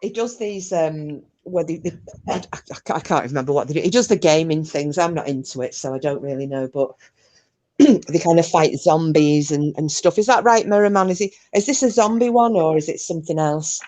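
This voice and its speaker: Low-voiced woman chatting on a livestream. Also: moderate pace, dark tone. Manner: chatty, swears casually, reads out viewer comments. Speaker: livestream host. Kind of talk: casual chat.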